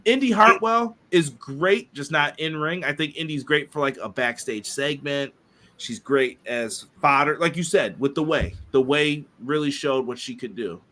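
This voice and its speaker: A man's voice: fairly high pitch, moderate pace, pushed and bright. A man co-hosting a casual podcast, chatting loosely and reading viewer comments aloud. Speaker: podcast co-host.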